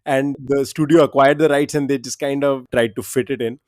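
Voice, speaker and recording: A man's voice: mid-range voice, steady tone, brisk, darkish tone, no echo, clean studio sound. A man co-hosting a quiz podcast, chatting casually and laughing often.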